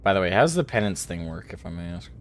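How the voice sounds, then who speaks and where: A man's voice: sits low, fast. Man streamer telling stories in voice chat. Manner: animated storytelling, swears freely. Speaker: streamer host. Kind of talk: casual voice chat while gaming.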